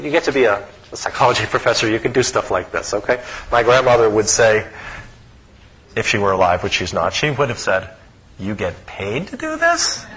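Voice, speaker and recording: Man, middle-aged, psychology professor, lecture, animated, chuckling, frequent "okay?", mid pitch. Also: poor audio.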